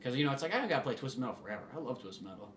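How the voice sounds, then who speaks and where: Man, podcast co-host, casual rambling chat, lively up-and-down pitch, faint background noise. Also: racing. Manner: rambling, full of "like" and "you know". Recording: roomy echo.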